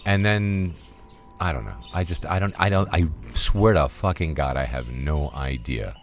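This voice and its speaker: Very deep-voiced middle-aged man, rambling. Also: normal speed, slight background noise. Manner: rambling, profane, full of fillers. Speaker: gaming streamer. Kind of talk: casual rambling storytelling.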